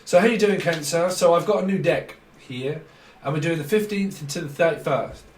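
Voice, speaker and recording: Man, rambling tarot reading, slightly high voice, roomy room, distant mic. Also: a little fast. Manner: rambling word association, frequent laughs, trailing restarts. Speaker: tarot reader. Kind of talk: casual channelled tarot reading.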